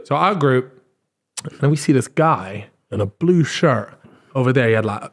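A young British man on a podcast, telling a story in a casual, animated way, swearing freely and often restarting his sentences. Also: mid-range voice, moderate pace. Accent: British English. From Britain. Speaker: podcast co-host.

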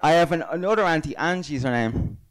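A man's voice: a little high, expressive, brisk, noisy background. A young Irish man doing a stand-up comedy set, crude and self-mocking, stumbling through asides on stage. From Ireland.

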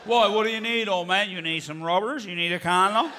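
A man's voice: high voice, a little fast, pushed and bright, a little hiss or hum. A man voicing a chatty, crude Newfoundland local who gives long rambling directions, with a Newfoundland accent. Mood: teasing.

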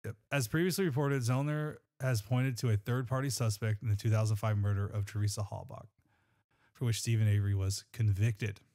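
A man's voice: on the low side, fairly even intonation, a little fast, darkish tone. Earnest man reading scripture. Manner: earnest, rambling with restarts. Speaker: podcast co-host. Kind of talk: scripture reading and casual chat.

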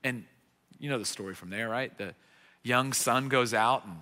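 A middle-aged man preaching a sermon as a guest pastor, telling a story with lively acted-out voices. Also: mid-range voice, moderate pace, in a large hall. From United States. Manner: animated storyteller, acting out quoted voices. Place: church sanctuary.

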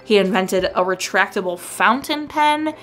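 A woman's voice: medium pitch, lively intonation, unhurried, a bit bright. Chatty, enthusiastic woman vlogger. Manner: chatty, enthusiastic, rattles off lists of credits. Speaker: film review vlog host. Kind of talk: casual vlog commentary.

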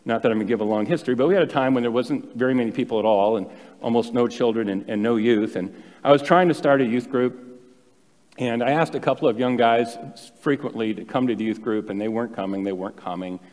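A man's voice: medium pitch, steady tone, quick pace, a little mellow. Man preaching a sermon in a reverberant church. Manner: conversational storytelling, self-deprecating asides. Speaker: pastor. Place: church sanctuary. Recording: long hall reverb.

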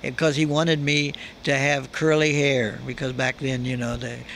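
Gravelly older man telling stories. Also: medium pitch, flat delivery, normal speed, fairly bright tone, a little hiss or hum. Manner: chuckling storyteller. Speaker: guest actor. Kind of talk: anecdotal interview talk. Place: convention floor.

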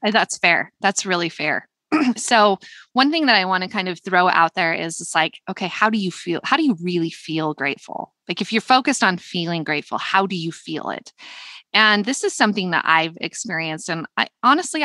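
A woman co-hosting a podcast in a casual, earnest chat, reflecting aloud and slowing down to stress her points. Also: on the low side, animated, pushed and bright, dry recording. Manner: earnest, reflective, slows down for emphasis. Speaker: podcast co-host.

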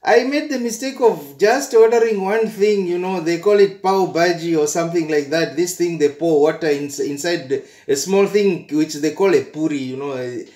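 A man telling an animated travel story in a casual vlog, often stammering and repeating words. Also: a little high, normal speed, hardly any pauses, roomy sound. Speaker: travel vlogger.

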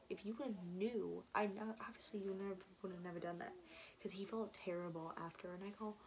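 A woman's voice: fairly low pitch, fairly even intonation, fairly quick, a little hiss or hum. A young woman vlogger telling a story in a casual, rambling way, full of fillers and restarts, and now and then she drops to a whisper.

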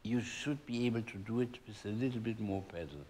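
A man's voice: fairly low pitch, fairly quick, hardly any pauses, a little mellow, slight background noise. A man teaching a piano master class, giving short spoken instructions and singing rhythm syllables to show the phrasing. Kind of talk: coaching a student at the piano. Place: concert hall. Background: piano playing.

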